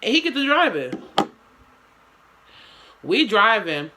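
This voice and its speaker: A woman's voice: a little high, sing-song, slow, noisy background. A young woman telling a story to her camera in casual slang, with swearing and lots of dramatic asides.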